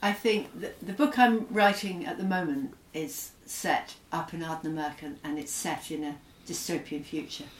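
A woman's voice: low-pitched, moderate pace, few pauses, recorded from a distance. Middle-aged woman with an English accent, roomy sound. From Scotland. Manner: thoughtful, hesitant, with frequent fillers. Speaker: author, guest. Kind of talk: reflective interview conversation.

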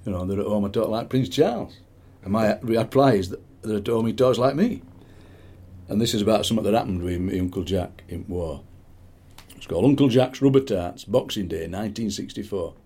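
A man's voice: fairly low pitch, fairly quick, mellow. A man in his sixties with a Yorkshire accent, a poet reading and chatting in a rambling, anecdotal way with chuckling asides. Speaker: poet and radio presenter. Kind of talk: poetry reading and chat.

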